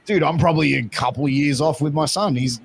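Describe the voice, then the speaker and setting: A man's voice: fairly high pitch, quick pace, vocal fry, husky. A man in his thirties chatting on a podcast in a laid-back way, calling people bro and dude. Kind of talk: casual chat.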